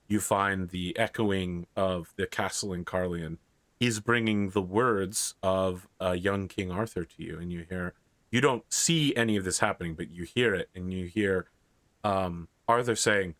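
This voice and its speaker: A man narrates a tabletop game in a casual, joking way, now and then slipping into characters. His voice sits fairly low, and the sound is close and dry. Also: fairly bright tone, no room sound. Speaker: game master.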